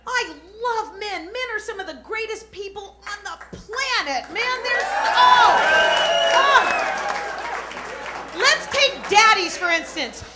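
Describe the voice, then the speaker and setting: A married woman comic tells playful stories on stage in a very high, bright voice. Light audience laughter rises behind her. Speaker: stand-up comedian. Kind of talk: stand-up comedy set. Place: comedy club stage before a live audience.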